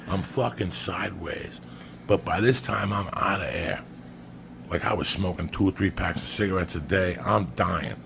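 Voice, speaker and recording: Gravelly, low-pitched man, profane animated storyteller, noisy podcast audio. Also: moderate pace. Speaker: podcast guest. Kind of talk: storytelling anecdote.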